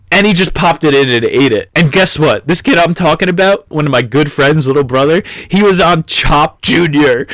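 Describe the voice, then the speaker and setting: A man's voice: mid-range voice, a bit bright, no room sound. Irreverent young man riffing on a book. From United States. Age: 20s. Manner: irreverent, joking, swears freely, laughs at his own jokes. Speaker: book review host. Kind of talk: casual comedic book commentary.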